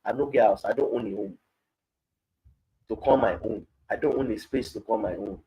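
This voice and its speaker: A man with a Nigerian accent and a lowish, slightly rough voice leads a live-streamed Bible study at a moderate pace. He reads scripture aloud, then explains it with Pidgin-laced commentary, all in dull audio.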